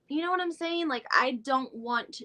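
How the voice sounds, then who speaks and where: Speaking in a high, sharp-toned voice at a moderate pace, a podcast host runs a live recap. Her casual stream chat rambles as she thinks aloud while searching online, packed with fillers and the occasional mild swear.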